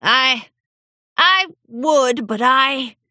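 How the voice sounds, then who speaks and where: A woman voicing a grumpy, forgetful old male pony gardener in a storybook reading, with a gruff, grumbling manner. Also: sits high, big pitch swings, unhurried, pushed and bright, no echo, clean studio sound, voice pushed up, heavily acted. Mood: alarmed. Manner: gruff, grumbling, stammers when flustered.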